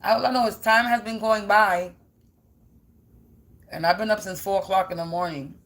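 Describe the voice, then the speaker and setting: A woman's voice: medium pitch, steady tone, moderate pace, fairly bright tone. A woman who reads tarot cards talks straight to her viewers in a loose, rambling way. Her speech is blunt and slangy, full of casual swearing. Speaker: tarot card reader.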